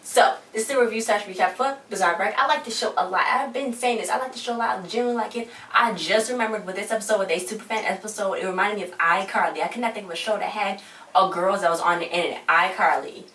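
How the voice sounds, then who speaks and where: A woman's voice: medium pitch, fast, a bit bright. A woman rambling through a casual TV recap with slangy, exasperated asides. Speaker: TV episode reviewer. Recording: roomy echo, distant mic, faint hiss.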